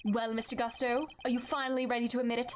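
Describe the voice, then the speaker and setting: A woman voicing a calm, methodical male prosecutor laying out deductions. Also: a little high, a little hiss or hum, close to an everyday voice. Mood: deducing. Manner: measured, deductive. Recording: game music behind the voice.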